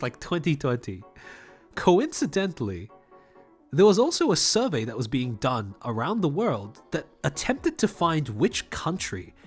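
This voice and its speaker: A young man from Australia with a polished Australian accent, chatting casually on a livestream. He rambles, laughs often, repeats words as he starts sentences, and enunciates crisply. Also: on the high side. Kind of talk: casual livestream chat, reading chat.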